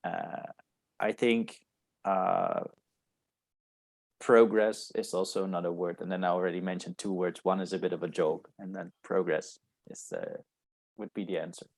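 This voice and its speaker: A man with a lowish voice talks as a guest in a relaxed podcast chat. He pauses and hesitates, working his way toward the exact word he wants. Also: creaky. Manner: thoughtful, hesitant, searching for words. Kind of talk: casual podcast conversation.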